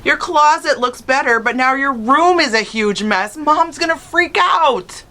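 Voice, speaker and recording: A woman's voice: high voice, lively intonation, unhurried, bright, forceful tone, a little hiss or hum, pitched above the performer's own voice, exaggerated voice. A woman reading a storybook aloud, voicing a smug older brother who mocks his sibling. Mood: teasing. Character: teasing older brother, about eleven.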